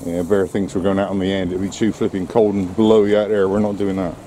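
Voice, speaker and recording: A man's voice: low-pitched, level tone, quick pace, warm tone. A man walking his dog along the coast, vlogging casually to his camera, talking to the dog and out of breath as he climbs. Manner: plain-spoken, talks to his dog. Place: outdoors on a windy coast. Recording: wind noise on the mic outdoors.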